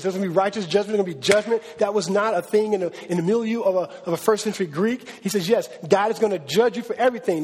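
A man preaching a sermon to his church in a casual, animated way, using slang and acting out quotes. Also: sits high. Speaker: pastor. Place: church hall. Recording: long reverb of a large hall.

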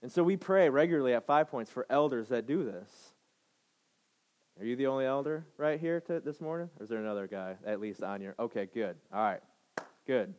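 A man's voice: medium pitch, fairly quick, a little mellow. A man in his thirties preaching a sermon to a congregation, emphatic, repeating phrases and checking in with "right?". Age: 30s. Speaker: pastor.

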